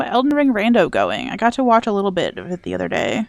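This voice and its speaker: A woman's voice: fairly high pitch, wildly swooping pitch, fairly quick, dry recording. A young woman streaming a game, chatting playfully with her viewers and reading their messages. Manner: chatty and playful, reads and answers chat. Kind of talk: casual live-stream chat while gaming.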